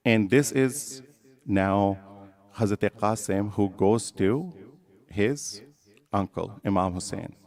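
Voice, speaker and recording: A man giving a religious sermon as emotional storytelling, building from hushed telling to impassioned, near-chanting cries. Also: on the low side, slow pace, pauses often. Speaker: religious speaker.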